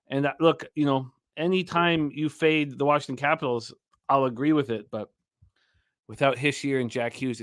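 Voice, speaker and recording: Energetic sports-betting radio host. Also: male voice, fairly high pitch, no room sound, clean studio sound. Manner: energetic, rambling, crude jokes. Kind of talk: casual sports betting talk show.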